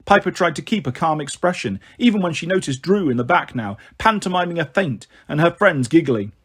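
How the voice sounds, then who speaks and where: A man reading a fantasy novel aloud as narration, slowing down for the verse lines. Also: on the high side, lively intonation, fairly bright tone, breathy edge. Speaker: audiobook reader. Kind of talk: storybook narration with light character voices.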